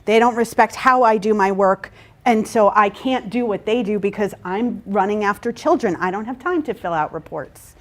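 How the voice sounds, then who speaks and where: A woman with a medium-pitched voice leads an interactive workshop at a moderate pace, explaining things to the group and checking in with "right?" and "okay?"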